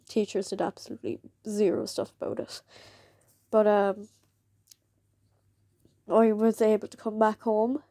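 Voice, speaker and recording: A woman's voice: medium pitch, gravelly, warm tone, no echo. A woman, telling a personal story in a candid, chatty way and laughing often. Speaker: vlogger.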